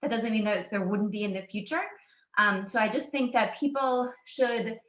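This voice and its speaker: A woman's voice: mid-range voice, fairly even intonation, moderate pace, fairly bright tone, roomy sound. A woman union organizer giving a public comment over a video call, out of breath and earnest.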